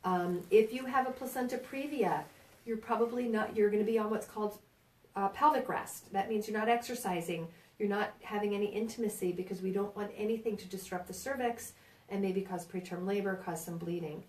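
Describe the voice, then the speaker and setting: A woman's voice: medium pitch, brisk, darkish tone. New York woman teaching a prenatal class. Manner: chatty, reassuring, asks "right?" often. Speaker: birth center educator. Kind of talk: informal prenatal class talk. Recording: roomy sound from a distant mic.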